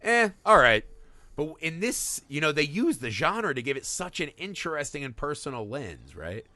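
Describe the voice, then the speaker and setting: A man in his thirties co-hosting a casual film podcast, animated and swearing freely as he acts out scenes. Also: on the high side, moderate pace. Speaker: podcast co-host.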